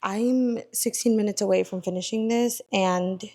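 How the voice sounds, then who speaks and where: A woman's voice: mid-range voice, steady tone, moderate pace, dark tone. A young woman chatting casually in a book vlog, reacting dramatically and repeating herself. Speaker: book vlogger. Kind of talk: casual reading vlog chat. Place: outdoors at a park; at home while cleaning.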